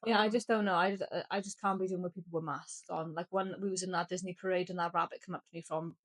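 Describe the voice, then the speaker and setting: A woman co-hosting a casual podcast chat, telling stories with animated laughter. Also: fairly low pitch, fast talker. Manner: animated storytelling, laughs often. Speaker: podcast co-host.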